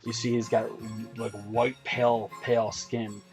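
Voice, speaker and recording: A man's voice: mid-range voice, little pitch movement, a little slow, a little mellow. A man running a tabletop game as game master, narrating in a rambling way with many fillers. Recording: background music.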